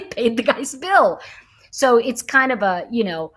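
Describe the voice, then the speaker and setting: Woman, middle-aged, slightly high voice, animated, laughs a lot, casual livestream chat. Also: measured pace, husky. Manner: animated storyteller, laughs often; reads out and answers viewer comments. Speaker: livestream host.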